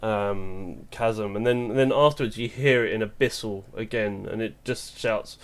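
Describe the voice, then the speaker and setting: A man's voice: on the low side, steady tone, measured pace. A man running a tabletop game as game master, describing scenes with frequent hesitations. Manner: descriptive, with frequent ums and sort-ofs.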